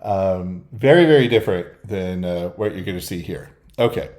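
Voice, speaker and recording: A man's voice: low voice, moderate pace, a little mellow. A man commenting casually on an interview clip, explaining his observations. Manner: explanatory, mimics speakers with laughs. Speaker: personality-type commentator. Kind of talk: casual commentary over clips.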